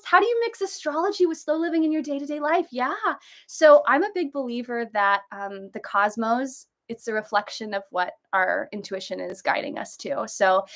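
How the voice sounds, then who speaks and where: Young adult woman host from San Diego, casual livestream, bubbly and effusive, a bit high-pitched. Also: normal speed, a bit bright. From San Diego, USA. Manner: bubbly, gushing, often jumps up in pitch reading greetings. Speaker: author and video creator hosting a livestream. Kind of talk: casual livestream chat reading comments. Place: desk at home overlooking the ocean.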